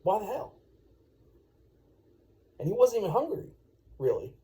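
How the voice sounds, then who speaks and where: This father's voice is high-pitched and dark in tone, with big swings in pitch and an unhurried pace. Looking after a baby at home, he improvises a bedtime story, rambling easily and saying "you know" a lot.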